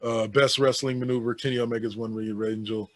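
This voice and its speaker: Man, podcast co-host, casual chat, sarcastic asides, mid-pitched, dry close sound. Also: fairly even intonation, brisk, no echo. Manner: reads out list items with sarcastic asides.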